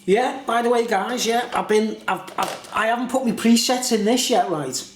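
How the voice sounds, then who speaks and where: A man's voice: very high-pitched, normal speed, echoey room, slight background noise. A British man chatting in a rambling, casual way for his vlog, often asking "you know what I mean?". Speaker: YouTuber reviewing beer.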